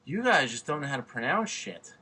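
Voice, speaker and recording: A man with a New York accent, with a bright, forceful voice, trading loud jokes on a casual podcast. He swears freely and needles his friend. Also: on the high side, big pitch swings, brisk, husky. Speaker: podcast host.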